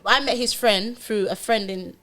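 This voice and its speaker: A young woman, a podcast guest telling her life story in a lively way and acting out past conversations. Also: medium pitch, moderate pace. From London. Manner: animated storytelling, acts out her own past dialogue. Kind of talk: candid podcast interview.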